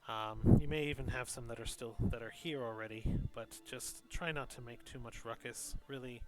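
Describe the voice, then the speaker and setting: A man narrating a tabletop game as game master, with a relaxed way of talking full of ums and restarts. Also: mid-range voice, moderate pace. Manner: relaxed, filler-heavy narration with many ums.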